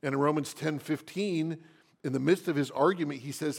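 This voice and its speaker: A male pastor preaching an expository sermon. He reads scripture aloud and asks the congregation questions, speaking slowly and deliberately. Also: fairly high pitch, creaky, breathy edge.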